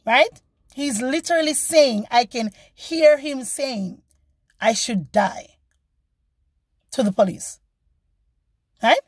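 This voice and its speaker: A woman vlogger telling a story in a casual, animated and indignant way, acting out the people she quotes. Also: fairly high pitch, no echo.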